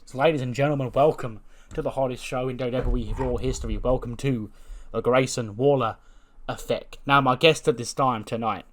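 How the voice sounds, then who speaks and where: A man's voice: mid-range voice, fairly even intonation, normal speed, close to an everyday voice. Man playing a boastful wrestler hosting his own segment, showman patter. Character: cocky loudmouth male wrestler hosting a talk segment.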